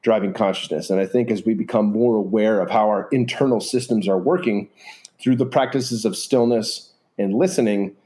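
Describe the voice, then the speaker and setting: Man, podcast guest, mellow warm tone, earnest, rambling, filler-heavy. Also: on the low side, moderate pace. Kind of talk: casual reflective conversation.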